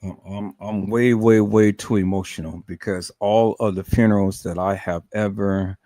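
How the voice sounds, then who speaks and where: Male livestream host, lowish voice, dry close sound, stammering, swings from agitated outbursts to soft trailing-off. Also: fairly even intonation, moderate pace, no room sound. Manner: stammering, repeats words, rising to agitated outbursts then trailing off softly. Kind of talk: emotional livestream commentary.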